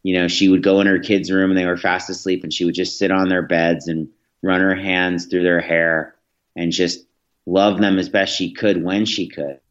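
A man's voice: low-pitched, level tone, normal speed. A man in his thirties, a guest telling earnest stories in an interview, with frequent restarts. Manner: earnest, anecdotal, with many restarts. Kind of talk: storytelling in a podcast interview. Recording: dull lo-fi audio.

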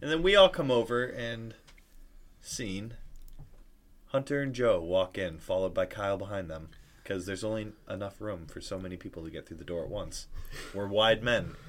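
A man's voice: lowish voice, normal speed. A young man co-hosting a podcast, tipsy, telling a crude, teasing story in casual banter. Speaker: podcast co-host.

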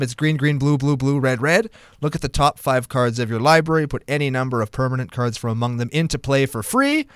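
A mid-pitched man co-hosts a casual podcast chat about card games, reading rules aloud and reacting with loud, cheerful profanity. The recording is close, dry and clean, with no echo.

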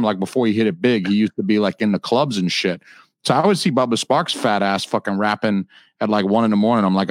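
A man from Georgia, deep-ish and rowdy, hosting a loose podcast chat. He swears freely and talks with a boisterous swagger. His voice sits close and dry on the mic. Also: dry recording. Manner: profane, boisterous. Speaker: podcast host.

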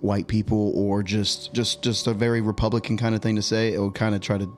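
Lower-voiced man chatting casually. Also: little pitch movement, brisk, faint music behind. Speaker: podcast co-host. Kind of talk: casual group chat.

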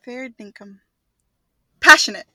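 A woman's voice: slow pace, pushed and bright, dry recording. A woman co-hosting a podcast, casually quizzing her co-host on slang and teasing her with hints. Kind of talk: casual chat, slang guessing game.

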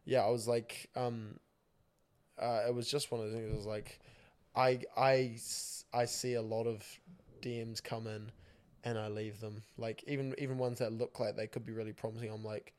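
A man speaking as a guest on a podcast in casual chat, relaxed and joking, with hesitant "um"s. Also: fairly low pitch, normal speed.

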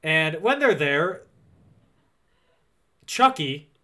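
Podcast co-host, male, higher-pitched, bright tone, dry humor, casual recap. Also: big pitch swings, drawn-out words. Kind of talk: casual movie recap chat.

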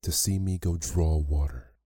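A man's voice: very deep voice, fairly even intonation, measured pace, dark tone, slightly rough, dry recording, studio quality, heavily acted. A man voicing a proud, rude spoiled young woman in a storybook reading, haughty and sneering.

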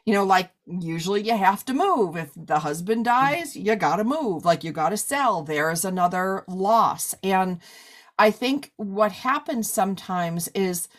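Middle-aged woman hosting a podcast, chatty and rambling, lots of "you know"s. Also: medium pitch. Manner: chatty, many fillers and asides. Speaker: podcast host. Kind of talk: casual interview chat and ad read.

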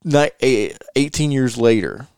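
A man's voice: mid-range voice, animated, unhurried, creaky, darkish tone, clean tone, no room sound, studio quality. A middle-aged man from North Carolina, a podcast host earnestly telling a personal story and retelling advice he got. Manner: earnest, repeats himself, quotes advice at length. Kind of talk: casual chat, personal storytelling.

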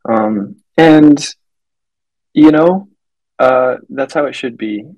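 A man's voice: fairly high pitch, very animated, slow, gravelly, a little mellow, lo-fi sound. A man co-hosting a podcast, chatting casually in a laid-back, rambling way. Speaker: podcast co-host. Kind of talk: casual chat.

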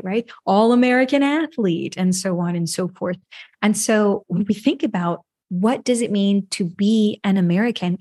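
A woman's voice: medium pitch, a little mellow, dry recording, studio quality. A woman from New York hosting a solo podcast, speaking in a reflective, conversational way and often asking "right?". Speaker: podcast host.

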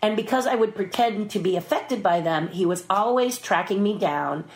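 A middle-aged woman telling an animated story as a guest, jumping into quick voices for the people in it. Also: mid-range voice. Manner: lively storyteller who puts on voices for the people in her story. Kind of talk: animated anecdote.

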